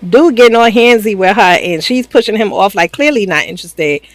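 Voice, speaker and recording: A woman's voice: mid-range voice, lively intonation, a little fast, dry recording, low-quality recording. A woman giving a chatty, slangy, casual recap of a reality show, laughing often. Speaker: reaction channel host.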